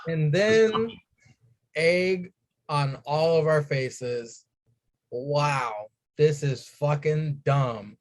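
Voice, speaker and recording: A man co-hosting a casual wrestling podcast, swearing freely and acting out his own excited reactions. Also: a little high, very slow. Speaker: podcast co-host.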